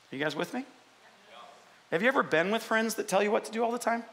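A man pastor preaching a sermon in an animated, conversational way, often asking the congregation questions. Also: sits high, fast, long pauses.

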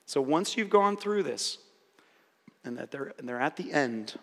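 A man preaches in an animated way, acting out the voices he quotes. His voice sits high and sounds bright and forceful. It rings with the long reverb of a large hall. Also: measured pace. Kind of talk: sermon-style teaching.

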